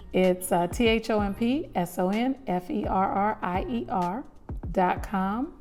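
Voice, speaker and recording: A woman talks slowly and unhurriedly through a casual unboxing at home, gushing and pausing with appreciative murmurs. Soft music plays faintly behind her. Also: mid-range voice. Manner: gushing, breathy pauses to smell. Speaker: lifestyle vlogger.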